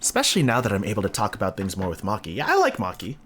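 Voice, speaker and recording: A man streaming a video game, chatting casually and telling stories in an animated way, acting out other people's lines. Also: fairly low pitch, rapid-fire, a little hiss or hum. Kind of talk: casual stream chat and storytelling.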